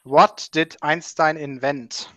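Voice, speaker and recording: A man hosting a casual online group call, quick and chatty and laughing often. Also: on the high side, fairly even intonation, a bit bright, no room sound. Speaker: hangout host. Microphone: computer mic on a video call.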